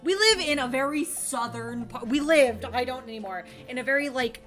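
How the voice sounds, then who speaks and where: A woman's voice: sits high, moderate pace, a bit bright, soft background music. A young woman from Florida chatting casually while streaming a game, rambling, laughing often and swearing freely.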